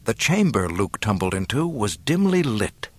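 A man narrating an adventure novel in a measured storytelling manner into a close mic. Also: on the low side, sing-song. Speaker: audiobook narrator. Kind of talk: scripted narration.

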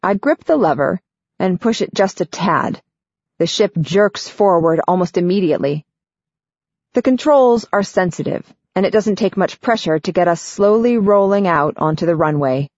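A woman narrating a story in first person for an audiobook, steady and clear. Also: lowish voice, normal speed, no room sound. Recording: dull, dry studio sound.

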